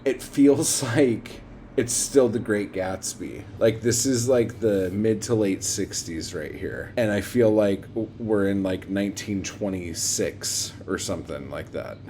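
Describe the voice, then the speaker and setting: A man hosting a watchalong, talking casually and bluntly with plenty of swearing and filler words. His voice sits somewhat low and his pace is unhurried. Faint room noise hangs behind him. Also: mellow. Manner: blunt, profane, rambling with many fillers. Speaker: watchalong host. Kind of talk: casual reaction commentary.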